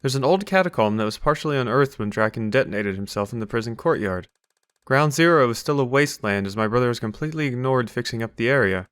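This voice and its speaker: A man's voice: mid-range voice, expressive, quick pace, a bit bright, clean tone, no echo, lightly acted. A man voicing an earnest young prince who speaks urgently. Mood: explaining.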